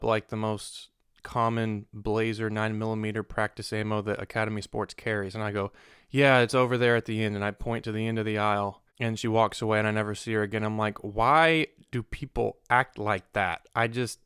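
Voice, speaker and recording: 一个带美国南方口音的年轻男人，在录一段随意讲故事的视频。他语气恼火地吐槽顾客，声音圆润清晰，音高适中，录音很干，几乎没有回声。. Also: male voice, medium pitch, fairly bright tone, smooth, dry recording, clean studio sound. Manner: exasperated, ranting. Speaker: vlogger. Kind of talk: casual storytelling monologue.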